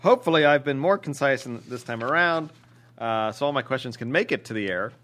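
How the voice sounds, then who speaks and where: A man co-hosting a casual podcast, reading listener mail in a dry, low-key way. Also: lively intonation, fairly quick, fairly bright tone. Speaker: podcast co-host.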